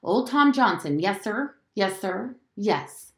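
Lady reading the part of a bossy southern housekeeper, loud and firm, echoey room. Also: mid-range voice, sing-song, normal speed, natural voice. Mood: urgent. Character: stern, worried Southern housekeeper woman.

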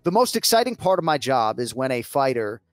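An American man hosting a casual sports betting chat, chatty and self-mocking with quick asides. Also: mid-range voice, big pitch swings, no room sound, faint music behind. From United States. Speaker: host.

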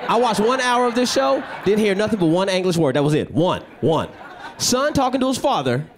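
Lively high-voiced man doing stand-up. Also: brisk, crowd noise. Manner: animated, acts out voices. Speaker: stand-up comedian. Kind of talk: stand-up comedy. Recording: live club with audience noise.

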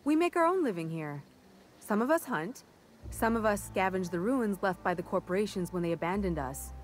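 A woman's voice: medium pitch, lively intonation, moderate pace, slight background noise, natural voice. An actress voicing an earnest, plain-spoken frontier settler woman in video game dialogue, welcoming a stranger and proud of her people's freedom. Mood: matter-of-fact.

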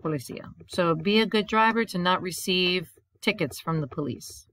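A woman's voice: on the low side, normal speed, a bit bright, no echo. A woman teaching a recorded language grammar lesson. She explains step by step, repeats a memory rhyme and often checks in with "right?". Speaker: Spanish teacher.

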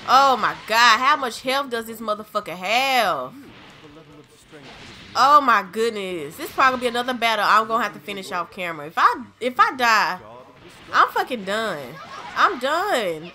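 A woman's voice: on the high side, pushed and bright, slight background noise. A young adult woman hosting a gaming channel, giving frustrated gameplay commentary full of swearing and exasperated outbursts.

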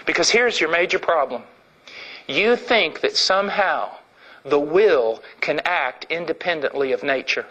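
Male preacher, sermon, emphatic, high voice, bright forceful tone. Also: lively intonation, unhurried, muffled recording.

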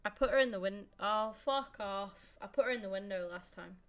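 A woman's voice: mid-range voice, moderate pace. Laughing woman streamer, swearing. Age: 20s. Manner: laughs often, swears, self-mocking. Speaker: gaming streamer. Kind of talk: casual live gameplay commentary.

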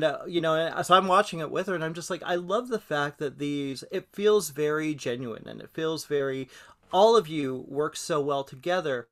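A man's voice: a little high, fairly bright tone. A man interviewing an actress, enthusiastic and effusive, with stumbling restarts. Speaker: entertainment interviewer. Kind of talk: casual interview chat.

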